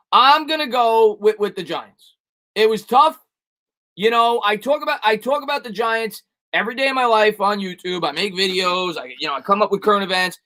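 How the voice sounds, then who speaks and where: A man's voice: high voice, pushed and bright. A man answering viewers' chat questions on a casual live stream, rambling and repeating himself as he gives emphatic opinions.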